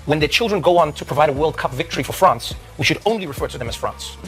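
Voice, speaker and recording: A man delivering a comedic monologue as a talk show host, animated and emphatic, repeating words when he gets worked up. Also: fairly high pitch, fast talker, faint music behind.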